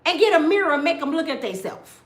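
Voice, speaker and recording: A middle-aged woman telling stories in a blunt, animated way, sometimes mimicking other people's voices. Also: high-pitched, fast talker, roomy sound. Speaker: storyteller. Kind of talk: casual storytelling rant.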